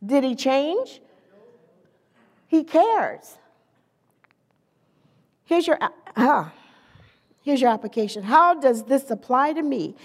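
A woman preaching a sermon in a lively, conversational way, with playful asides to the congregation. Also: sits high, takes it slowly, pauses often, in a large hall.

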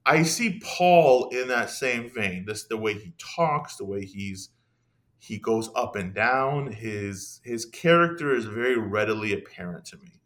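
Animated man explaining in casual talk. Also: fairly low pitch, unhurried. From Iran. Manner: animated, frequent restarts and asides. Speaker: podcast guest. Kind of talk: casual conversational discussion.

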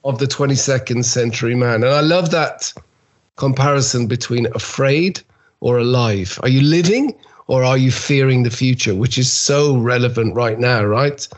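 A man speaking as a guest speaker in a casual interview over a video call, relaxed and laughing easily. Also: mid-range voice, normal speed.

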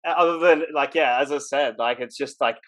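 A man's voice: medium pitch, a little fast, fairly bright tone. A young man, a podcast guest, telling stories in casual chat and laughing as he goes. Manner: laughing storyteller.

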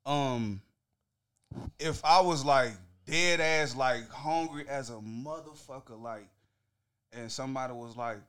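A man's voice: mid-range voice, slow pace, fairly bright tone, clean tone. A man in casual podcast banter, telling stories in a laid-back, swearing way. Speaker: podcast guest.

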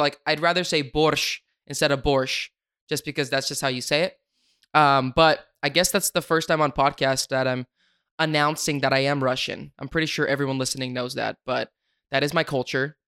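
Chatty podcast man, smooth and dry. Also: mid-range voice, pushed and bright, dry recording. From Sacramento, US. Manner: chatty, rambling, frequent fillers. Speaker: podcast host. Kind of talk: casual solo podcast.

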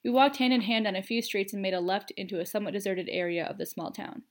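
A woman's voice: mid-range voice, quick pace. Woman narrating a first-person story.

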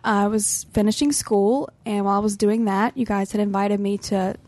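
A chatty woman tells a story among friends in a studio, laughing often and acting out quoted lines. Her voice sits at a middle pitch and sounds close and dry, with no room around it. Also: fairly even intonation, normal speed, darkish tone, no echo. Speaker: podcast team member. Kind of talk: casual storytelling chat.

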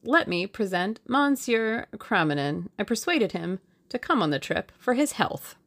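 A woman voicing an eager, spirited young Englishwoman who speaks quickly and sharply. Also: mid-range voice, very animated, fairly bright tone, pitched above the performer's own voice, exaggerated voice.

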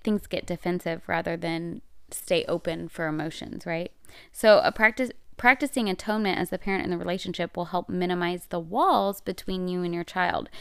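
A woman's voice: medium pitch, gravelly, smooth, no room sound, clean studio sound. A middle-aged woman hosting a parenting talk, speaking conversationally with fillers and self-corrections. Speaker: parenting podcast host. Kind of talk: casual advice talk.

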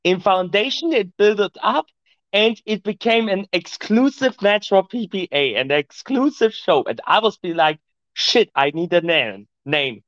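A man's voice: sits high, lively intonation, moderate pace, fairly bright tone, no echo. A man, a podcast guest talking in slightly broken English, rambling casually. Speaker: podcast guest, show owner. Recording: dull lo-fi mic.

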